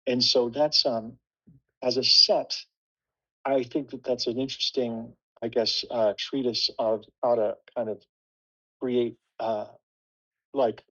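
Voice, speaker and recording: A man's voice: medium pitch, fairly even intonation, slow, long pauses, bright, forceful tone, breathy edge, muffled recording. A man speaking as a production designer in a casual panel talk, thoughtful and full of restarts.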